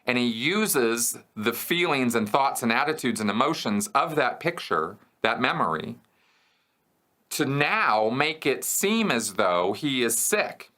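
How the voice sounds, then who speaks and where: Bright-voiced man explaining casually. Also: mid-range voice, big pitch swings, slow. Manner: conversational, checks in with "okay?" and "right?". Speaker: host answering viewer questions.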